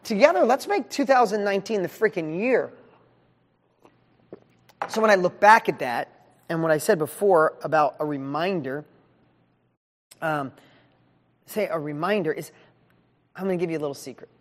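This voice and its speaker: An energetic man in his fifties leads a live coaching session, speaking in a loose, animated, conversational style. His voice rings with a long reverb tail. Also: high voice, normal speed, long pauses. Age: 50s. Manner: energetic, animated, casual with frequent "like". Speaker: business coach. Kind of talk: motivational live training.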